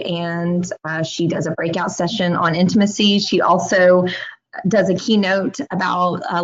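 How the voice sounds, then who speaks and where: A woman hosting an online session, introducing the guest speaker in a hesitant way with many fillers. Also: mid-range voice. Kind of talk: webinar introduction. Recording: slightly muffled call audio.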